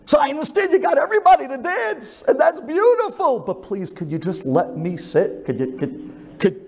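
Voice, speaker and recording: A man's voice: very high voice, sing-song, vocal fry, a little mellow, voice pushed up, full character voice. A man voicing a frail, tearful old man in his eighties who pleads and stammers. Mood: pleading. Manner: pleading, halting, breaks into whispers. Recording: echoey synagogue hall.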